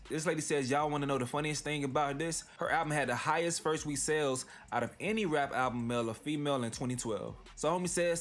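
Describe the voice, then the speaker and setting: A man's voice: a little high, a little fast, a bit bright, faint music behind. A man hosting a commentary channel, reading posts aloud and reacting in loose, slangy casual talk. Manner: reads tweets aloud then reacts, slangy.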